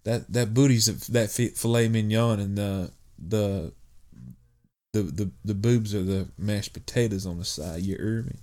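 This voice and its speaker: A man's voice: lowish voice, steady tone, unhurried, warm tone. A man co-hosting a podcast, talking in a laid-back, slangy way in casual comedic banter. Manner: laid-back, slangy, eggs his partner on. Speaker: podcast co-host.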